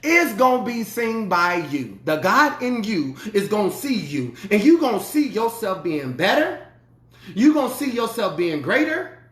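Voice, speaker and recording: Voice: mid-range voice, big pitch swings, unhurried, fairly bright tone. A preacher and life coach giving a motivational sermon in an emphatic, colloquial style, driving points home with repeated refrains. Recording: roomy echo.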